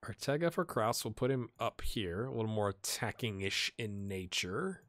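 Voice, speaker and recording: Lively American man commenting on gameplay. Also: lowish voice, normal speed, dry recording. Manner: lively, reacts loudly to the match. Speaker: gaming YouTuber.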